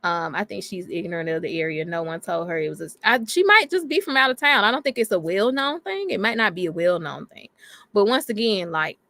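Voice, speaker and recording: A woman's voice: mid-range voice, lively intonation, a little fast, pushed and bright, no echo. A woman co-hosting a casual livestream chat, blunt and joking, swearing freely. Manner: blunt, joking, profane banter. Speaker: podcast co-host.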